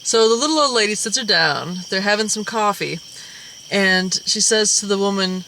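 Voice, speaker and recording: A woman co-hosts a casual movie review chat with blunt, profane exasperation. Her voice is bright, with faint insect noise in the background. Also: on the low side, fairly quick. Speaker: co-host.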